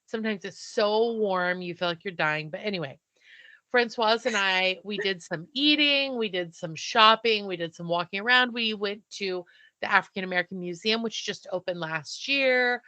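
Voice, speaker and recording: Female podcast co-host, bright and high-ish, an animated storyteller who acts out the quotes, dry close sound. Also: moderate pace, dry recording, highs cut off. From not from the South. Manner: animated, breathless retelling with quoted dialogue. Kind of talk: casual storytelling chat.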